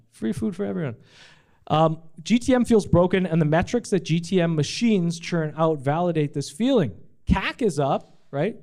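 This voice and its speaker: A middle-aged man presents casually to a live audience, his voice sitting a bit higher than most men's. His tone is mellow and relaxed. He keeps things energetic with profanity and jokey asides. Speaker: company founder giving a talk. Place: event space in front of a live audience.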